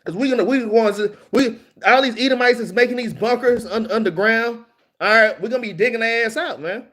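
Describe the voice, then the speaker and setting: Male preacher, Southern US accent, high-pitched, casual and punchy delivery. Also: fairly quick, fairly bright tone. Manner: casual and emphatic, peppered with "man" and "all right?". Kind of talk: street-style scripture teaching.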